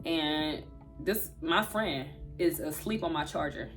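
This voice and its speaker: A woman, telling a storytime vlog straight to her viewers in an animated way. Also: deep voice, slow, soft background music. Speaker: vlogger.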